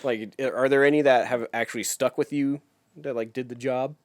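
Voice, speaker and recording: A man's voice: mid-range voice, steady tone, moderate pace, no room sound. Laid-back man, dry close mic. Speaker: podcast co-host. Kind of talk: casual chat.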